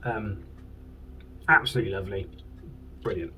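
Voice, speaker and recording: A man's voice: low-pitched, moderate pace, sharp tone, distant mic, a little hiss or hum, rough recording. A man from the UK, chatting casually and enthusiastically as a toy collector and swearing now and then. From United Kingdom. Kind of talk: casual chat. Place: home room.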